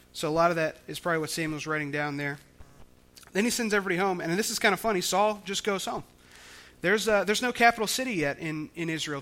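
A man's voice: on the high side, sharp tone. A man preaching a sermon, explaining scripture in a conversational way with frequent restarts. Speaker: pastor.

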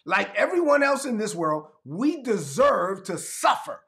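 Animated gravelly-voiced preacher man. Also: sits high, unhurried. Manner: animated preaching, rhetorical questions, reads scripture aloud. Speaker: pastor. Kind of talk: sermon.

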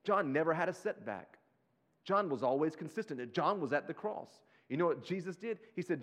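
A man preaching a sermon as pastor, animated and conversational, talking straight to his listeners in casual slang. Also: fairly high pitch, normal speed. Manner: slips into casual slang like "y'all".

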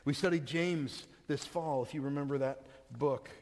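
A man's voice: on the high side, moderate pace. A man preaching a sermon, reading scripture aloud and then explaining it in plain conversational words. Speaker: pastor. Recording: long hall reverb.

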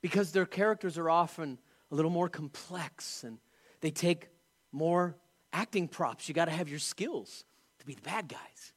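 A man with a fairly high voice delivers a sermon. He preaches in an animated, emphatic way and keeps putting questions to his listeners. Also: moderate pace. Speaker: pastor.

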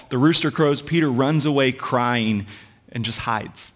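A man's voice: mid-range voice, moderate pace. A man preaching a sermon as a pastor, talking in a conversational way with asides and jokes. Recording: long hall reverb.

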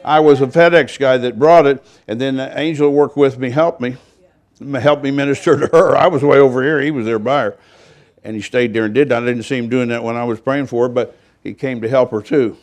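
A man's voice: mid-range voice, fairly quick. An older man, a pastor, telling a story in a rambling, folksy sermon with self-deprecating humor.

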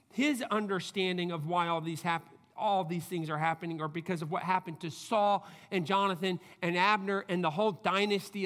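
High-voiced preacher in a reverberant hall. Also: male voice, fairly bright tone. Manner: conversational, asks rhetorical questions; acts out quoted speakers in brief bursts. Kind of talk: expository sermon.

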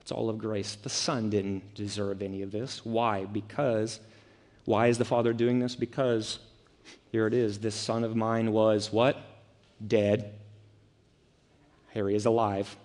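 A man's voice: fairly low pitch, level tone, a little slow, long pauses, a little mellow. A male pastor preaching a sermon, emphatic and full of rhetorical questions. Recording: echoey hall.

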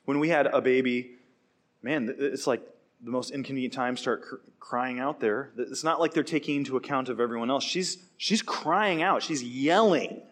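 A man in a young adult age range preaching a sermon with animated delivery, acting out quoted voices now and then. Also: mid-range voice, normal speed. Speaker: pastor.

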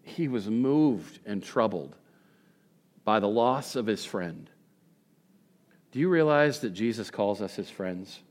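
Preaching in a conversational style, this male pastor shifts from quiet, reflective passages to forceful questions. His pitch is fairly low.

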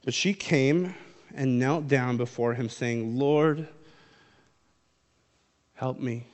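A man's voice: mid-range voice, slow. A man preaching a sermon in a casual, conversational way, reading scripture aloud and then explaining it. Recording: long hall reverb.

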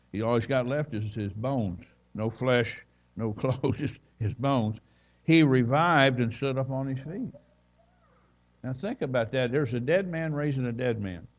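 A man's voice: mid-range voice, highs cut off. A man preaching a sermon as a visiting minister, folksy and conversational with plenty of asides. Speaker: guest preacher. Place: church.

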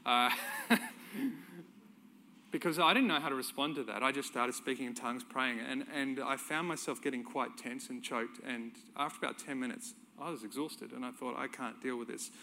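A man's voice: medium pitch, moderate pace, creaky, pushed and bright, slight background noise. A middle-aged man, preaching a sermon by telling a personal story in a conversational way, chuckling now and then.

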